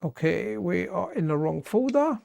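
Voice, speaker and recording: Tired, chatty high-voiced man streaming games. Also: expressive, moderate pace, creaky, a little mellow, lo-fi sound, slight background noise. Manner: chatty, rambling, repeats words, says "man" a lot. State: tired, yawning. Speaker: streamer playing retro games. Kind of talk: casual live-stream commentary.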